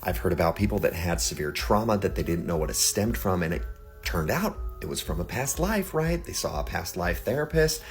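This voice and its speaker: A man with a very low, deep voice talks straight to his viewers in a relaxed vlog. He keeps it chatty and checks in with them often. Soft music plays faintly underneath. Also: a little fast. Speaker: social media creator. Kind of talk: casual vlog commentary to viewers.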